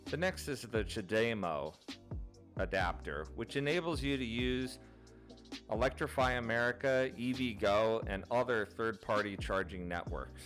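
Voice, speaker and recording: A man hosting his own channel, narrating an informative explainer in a steady, methodical way, going through items one by one. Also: on the low side, unhurried, soft background music. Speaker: channel host.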